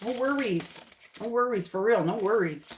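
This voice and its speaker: A woman's voice: medium pitch, lively intonation, moderate pace, noisy background. A woman giving a casual tarot reading to camera, chatty and reassuring, often repeating her phrases. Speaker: tarot reader. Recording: echoey room.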